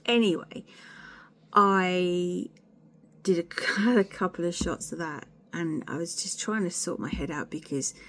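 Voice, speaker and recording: A woman's voice: lowish voice, a little slow, fairly bright tone. A woman, chatting candidly to camera in a rambling, sweary, self-deprecating way. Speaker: vlogger. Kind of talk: candid casual chat to camera.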